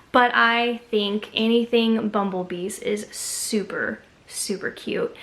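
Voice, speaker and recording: A woman's voice: mid-range voice, fairly bright tone. A woman from Texas chatting casually to camera as a haul vlogger, gushing enthusiastically over each find.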